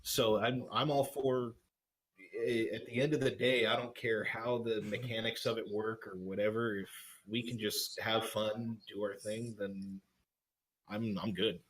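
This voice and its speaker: Player guy on a call, rambly, repeats himself, lowish voice. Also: flat delivery, measured pace, rough recording. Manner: rambling, restarts phrases. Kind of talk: casual chat after a tabletop game. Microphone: video call.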